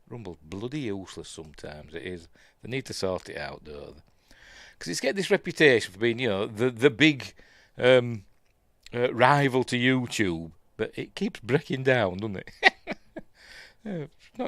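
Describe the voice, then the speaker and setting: A man's voice: mid-range voice, a bit bright, dry recording, clean studio sound. A Yorkshire man hosting a live news stream in a casual, rambling way, often breaking off to mutter asides. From Yorkshire, England.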